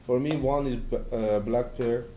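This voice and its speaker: A man's voice: medium pitch, steady tone, normal speed. A man arguing pushily as a player at a tournament game. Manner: pushy, argumentative. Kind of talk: game table speech. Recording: echoey noisy room.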